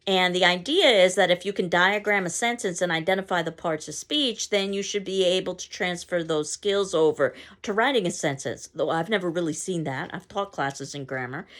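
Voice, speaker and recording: This woman has a deep yet fairly bright voice. She teaches poetry in a recorded lecture, speaking conversationally as a non-local and reading a poem aloud in stressed beats.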